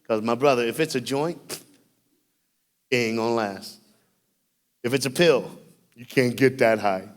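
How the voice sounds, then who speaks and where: A man preaching in a church, telling stories with jokes and swinging from loud bursts to hushed asides. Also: medium pitch, a little slow. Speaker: youth speaker. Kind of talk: sermon. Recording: reverberant church hall.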